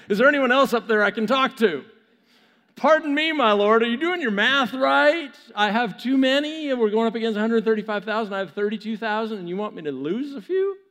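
A man's voice: very high voice, lively intonation, fairly quick, fairly bright tone, long reverb tail, voice pushed up, exaggerated voice. A pastor voicing a flustered, doubting male warrior leader who pleads in disbelief. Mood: pleading disbelief. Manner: incredulous, pleading, exasperated.

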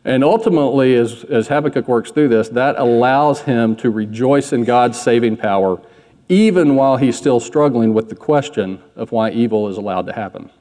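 Male pastor, mid-pitch, relaxed conversational sermon, long hall reverb. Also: moderate pace. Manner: candid, self-deprecating, conversational preaching.

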